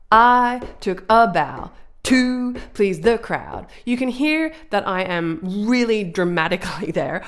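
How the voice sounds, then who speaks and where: Woman explaining melody writing, mid pitch voice, stresses her points. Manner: clear, emphatic teaching explanations. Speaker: songwriting teacher. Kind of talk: instructional video lesson.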